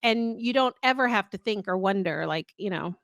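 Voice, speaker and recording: A woman's voice: mid-range voice, animated, moderate pace, vocal fry, fairly bright tone, dry recording. An earnest middle-aged woman tells a long personal story in casual podcast chat. She rambles and restarts her sentences a lot. Her voice is dry and close, with no room sound. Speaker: podcast co-host.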